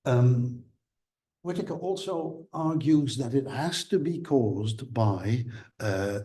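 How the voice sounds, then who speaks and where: A man giving an academic seminar lecture, explaining things in a measured way. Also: medium pitch, lively intonation, warm tone, slightly rough.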